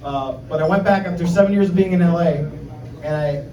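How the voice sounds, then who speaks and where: A man's voice: a little high, a little fast, mellow, lo-fi sound. A man from Miami doing a stand-up comedy set, brash and profane, teasing the crowd. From Miami, United States. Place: comedy club. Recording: echoey club, distant mic, crowd. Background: laughing crowd.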